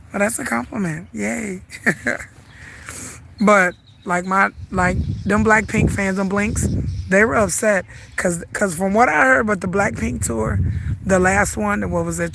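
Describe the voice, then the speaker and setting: A middle-aged woman with a Southern US accent, congested and hoarse from the flu, chatting and rambling as she walks and livestreams in a park. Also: medium pitch, pushed and bright, a little hiss or hum. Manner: chatty, rambling, laughs often. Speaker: vlogger. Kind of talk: casual livestream chat while walking. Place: outdoors at a lake park.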